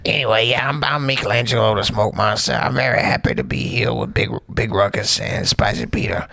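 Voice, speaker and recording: A man putting on a laid-back smoke monster with a rumbling, gravelly growl pushed far below a normal speaking voice. He drawls his words slowly in a dry, close sound. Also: bright, forceful tone, no echo, full character voice. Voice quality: gravelly, very deep put-on voice.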